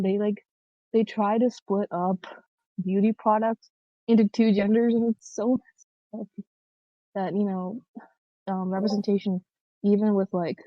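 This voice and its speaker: A woman's voice: mid-range voice, no echo. A young woman co-hosting a podcast, talking earnestly with lots of likes and ums. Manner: earnest, filler-heavy with many likes and ums. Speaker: podcast co-host. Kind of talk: casual discussion. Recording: dull lo-fi dry sound.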